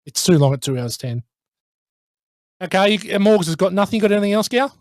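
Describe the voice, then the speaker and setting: A man hosting a casual film podcast, animated and quick to laugh. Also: high-pitched, dry recording, clean studio sound. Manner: animated, laughs often, acts out movie quotes. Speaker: podcast host.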